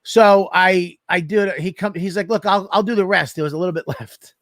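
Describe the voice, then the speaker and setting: A man co-hosting a comedy podcast, swearing his way through a lively story on a studio microphone. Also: high-pitched, brisk, dry recording. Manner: animated, swearing constantly, acts out scenes. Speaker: podcast co-host.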